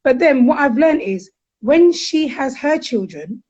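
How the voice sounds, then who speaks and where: The sound is lo-fi, and the woman's voice sits high. She's a middle-aged guest counsellor telling frank, animated stories in a conversational way, eager to dramatize the quotes within them.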